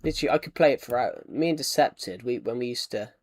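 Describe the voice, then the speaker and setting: A man's voice: mid-range voice, fast, no echo. A man with an English accent chatting casually on a gaming live stream, often repeating and restarting his phrases while he answers chat.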